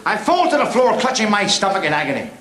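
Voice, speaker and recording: A brash Belfast club comic. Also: male voice, sits high, sing-song, fast talker. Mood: cheeky. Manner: bawdy, teasing patter with the audience. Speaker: stand-up comic. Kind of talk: 1970s television drama. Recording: echoey room with loud background noise.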